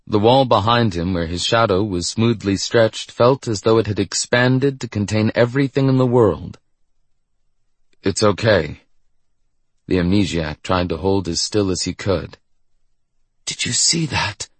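A man reads a novel aloud in a measured, steady way. His voice is low with a husky grain, recorded close and dry. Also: no echo. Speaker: audiobook narrator. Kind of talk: scripted narration.

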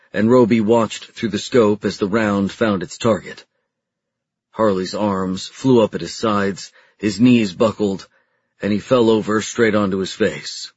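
A man reading a novel aloud in steady audiobook narration, dropping lower and quieter for the characters' dialogue. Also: breathy edge, no echo, dull audio.

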